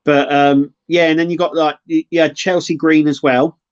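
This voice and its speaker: A man's voice: a little high, little pitch movement, moderate pace, clean tone, muffled recording. A man co-hosting a podcast, speaking casually and agreeably. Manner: agreeable, chips in with short yeahs. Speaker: podcast co-host. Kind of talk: casual wrestling chat.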